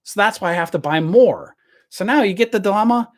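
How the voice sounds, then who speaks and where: A man's voice: sits high, brisk. A man hosting a stock trading channel, ranting to camera in a blunt, rambling way and swearing freely.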